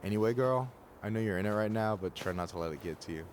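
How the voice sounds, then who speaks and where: A man's voice: on the low side, quick pace, slight background noise, lightly acted. An actor playing a wry, loyal young man in a video game, talking in a casual, blunt, teasing way. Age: young adult. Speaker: game character.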